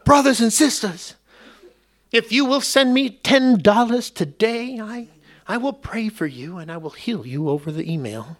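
A man's voice: sits high, animated, unhurried, voice pushed up. A man putting on a greedy male TV preacher with a Southern accent, pleading for money in a sing-song way. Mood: wheedling. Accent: American Southern.

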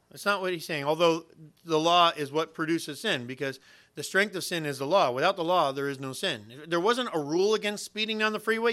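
Male pastor, bright and forceful delivery, animated sermon teaching. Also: on the high side. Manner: animated preaching with everyday illustrations and acted-out quotes.

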